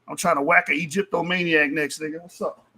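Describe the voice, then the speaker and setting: A man with a high, bright voice trash-talks through a heated online debate. He boasts, swears freely and mocks his opponents, laughing between points. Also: steady tone, brisk, slightly rough. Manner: boastful, profane, mocking with frequent laughter.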